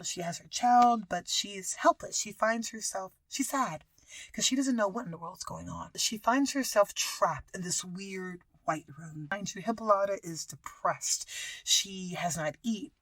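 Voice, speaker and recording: A woman's voice: mid-range voice, no room sound. A woman hosts a podcast, telling a story casually and with lots of energy, sometimes sinking into a whisper. Her voice sits in the middle range. The recording is dry and close, with no room sound. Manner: animated, drops into whispers. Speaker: podcast host.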